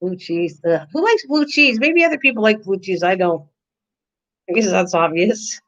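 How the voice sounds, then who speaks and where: A woman's voice: medium pitch, lively intonation, moderate pace, fairly bright tone, dull audio. An older woman hosting a casual live stream, chatting in a teasing way and answering her viewers' comments. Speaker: channel host.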